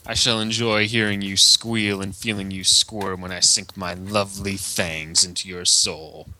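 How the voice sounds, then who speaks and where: Brief: man doing a sneering vampire count, sharp and bright, grand and theatrical. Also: little pitch movement, unhurried, full character voice. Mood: gloating. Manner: theatrical, booming, haughty. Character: sneering male vampire count, haughty, hates puns. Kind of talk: dramatic reading of a novel.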